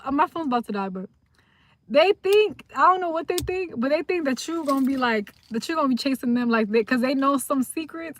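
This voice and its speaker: A young woman streaming live from her phone, reading comments aloud and rambling in a slangy, casual way. She drifts between mumbled asides and sudden loud outbursts. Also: high-pitched, brisk, no room sound. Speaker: livestreamer.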